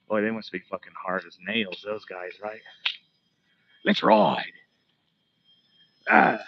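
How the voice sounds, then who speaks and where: A man with a mid-range voice hosts a casual walking livestream outdoors on a residential street, and the audio is lo-fi with a little hiss or hum. He's chatty and rambling, swearing freely as he talks.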